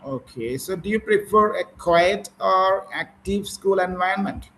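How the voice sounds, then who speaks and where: A man's voice: high voice, measured pace, fairly bright tone, slight background noise, rough recording. A man with an Indian English accent, leading an online speaking practice for teachers, asking patient questions and correcting pronunciation.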